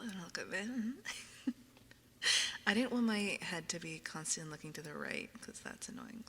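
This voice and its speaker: A woman's voice: fairly low pitch, vocal fry, pushed and bright, in a large hall, a little hiss or hum. Giggly whispering woman ASMR streamer. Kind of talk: soft whispered stream chat. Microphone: binaural microphone.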